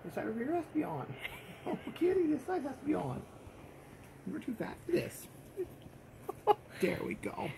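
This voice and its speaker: A woman's voice: high voice, big pitch swings, normal speed, creaky, long pauses. Woman teasing and coaxing her cat. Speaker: pet owner filming her cat. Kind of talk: casual chat to a pet. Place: home, indoors. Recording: home video with noticeable background noise.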